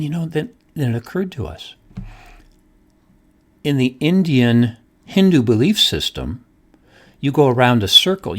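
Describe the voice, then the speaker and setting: A middle-aged man hosting a solo podcast, speaking emphatically and asking rhetorical questions. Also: medium pitch. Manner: emphatic, repeats points, asks rhetorical questions. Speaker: podcast host, economist.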